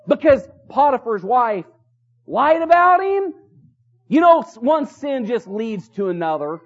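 A man's voice: very high voice, big pitch swings, unhurried. A man preaching a sermon in a chapel, earnest and exhorting, driving points home with rhetorical questions and repetition. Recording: dull lo-fi recording.

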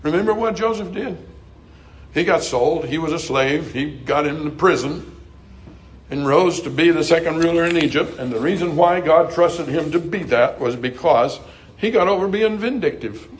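A middle-aged man preaching a sermon earnestly, climbing to emphatic highs and dropping to soft, quiet passages. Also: moderate pace, a little hiss or hum, low-quality recording.

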